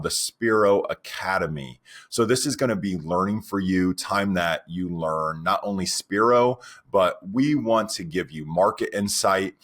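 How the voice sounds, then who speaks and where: A man in his forties co-hosting a podcast, chatting casually and launching into animated stories and rants. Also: low-pitched. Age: 40s. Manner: animated storyteller, goes on rants. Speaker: podcast co-host.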